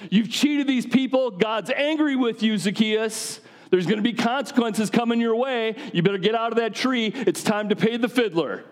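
A resentful townsman who rails shrilly against an injustice, his voice lifted well above a normal speaking pitch, as a preacher puts him on. He scolds and grumbles in a tone of bitter indignation. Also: moderate pace, hardly any pauses. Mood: scolding. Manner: shrill indignant complaining, raised high voice. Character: angry resentful townsman, bitter grudging grown man.

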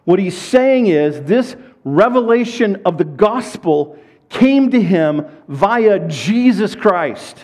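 A man's voice: sits high, expressive, slow pace, a little mellow. A middle-aged man preaching a sermon as a pastor, telling stories in a conversational way and repeating words as he builds up. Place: church.

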